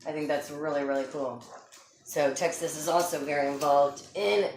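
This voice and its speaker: A woman's voice: sits low, fairly even intonation, moderate pace, darkish tone, slight background noise. A woman co-hosting a podcast in playful, teasing casual chat. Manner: playful, teasing, laughs easily. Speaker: podcast co-host. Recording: echoey room.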